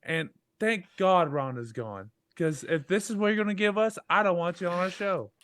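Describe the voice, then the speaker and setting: A man co-hosting a podcast in a loose, joking manner. His voice sits a bit high, and the sound is dry and close with no room around it. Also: moderate pace, no room sound. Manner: joking, animated storytelling about drinking. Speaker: podcast co-host. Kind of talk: casual chat.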